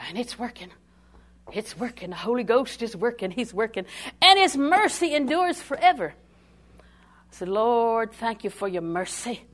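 Older lady preaching, call and response, goes loud then real quiet. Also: medium pitch. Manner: call-and-response, dramatic swings from loud to hushed. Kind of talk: sermon.

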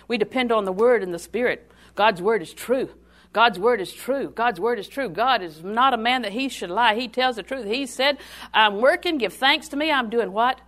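An older woman preaching a sermon in a call-and-response style, swinging from loud declarations to hushed asides. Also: a little high, normal speed.

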